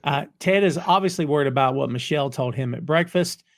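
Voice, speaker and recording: A man's voice: a little high, a little fast, dry recording. A man hosting a casual review podcast, retelling scenes in a chatty way with fillers. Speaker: podcast host recapping an episode.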